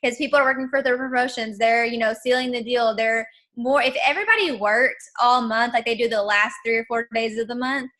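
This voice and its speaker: A woman's voice: on the high side, a little fast, hardly any pauses, bright, forceful tone. A woman team leader in casual motivational chat, emphatic and full of "like". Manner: emphatic, peppered with "like". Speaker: network marketing team leader.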